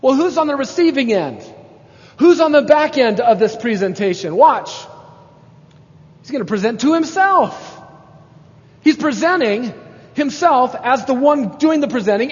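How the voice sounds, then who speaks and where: A man with a high voice preaches a sermon, pressing each point with emphasis. His voice rings through a long hall reverb. The recording sounds somewhat dull. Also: animated, a little slow, long pauses. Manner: emphatic preaching, rising to exclamations. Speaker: pastor.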